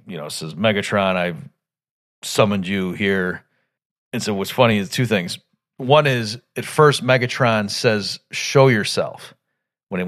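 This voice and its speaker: A man hosting a podcast, casually recapping an old animated film, thinking aloud with restarts and acting out quoted lines in sudden loud bursts. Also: lowish voice. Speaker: podcast host.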